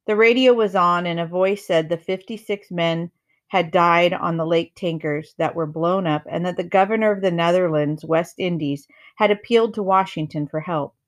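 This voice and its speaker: Low-voiced woman reading a novel. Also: moderate pace. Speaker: reader.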